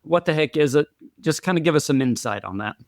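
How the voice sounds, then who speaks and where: A man's voice: on the high side, lively intonation, fast, no echo, studio quality. A man hosting a podcast interview, chatty and friendly, often repeating words as he talks. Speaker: podcast host.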